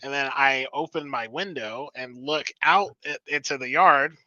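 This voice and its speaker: A man's voice: mid-range voice, normal speed, bright, forceful tone, no room sound, highs cut off. A man telling a story on a podcast as a guest musician, rambling, laughing and swearing as he goes.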